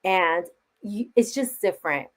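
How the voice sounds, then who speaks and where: A woman's voice: mid-range voice, lively intonation, unhurried, fairly bright tone. A woman being interviewed as a guest, talking casually and eagerly, laughing often and filling with "like". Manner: enthusiastic, laughs often, fills with "like". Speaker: interview guest, wrestling fan.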